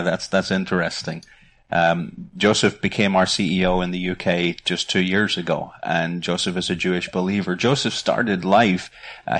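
A man's voice: sits low, a bit bright. A middle-aged man with a Northern Irish accent, speaking earnestly as a ministry guest in a conversational interview, often repeating words as he starts a phrase.

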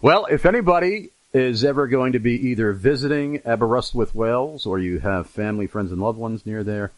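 A man's voice: medium pitch, a little fast, hardly any pauses, no echo, rough recording. A man hosting an interview, chatty and announcer-like when reading out details. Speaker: interview host.

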